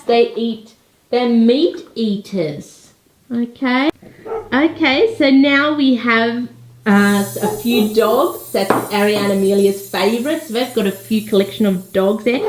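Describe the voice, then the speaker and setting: Gentle mother figure, slow delivery, slightly high voice, echoey home room with music behind. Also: slight background noise. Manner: gentle, coaxing, imitates animal sounds. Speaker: parent presenting toy animals to children. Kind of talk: slow explanatory narration for kids.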